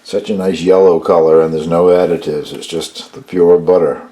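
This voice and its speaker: A deep-voiced older man bakes a loaf at home in a casual demonstration, talking at normal speed with fairly even intonation. His mellow voice stays easygoing and chatty as he tastes and comments; a little hiss or hum is audible.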